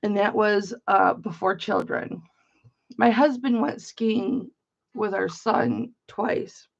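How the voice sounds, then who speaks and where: Blunt, gravelly-voiced woman telling stories. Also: medium pitch, animated, slow pace. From Michigan. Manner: rambling, blunt storyteller who swears freely. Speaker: online auction host. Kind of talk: casual chatty livestream. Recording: slightly dull lo-fi stream audio.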